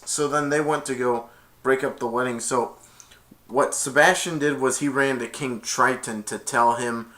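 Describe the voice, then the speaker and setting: Casting: male reviewer, bright tone, rambling plot recap with self-corrections. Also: mid-range voice, steady tone, a little slow. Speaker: movie reviewer. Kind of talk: casual movie recap.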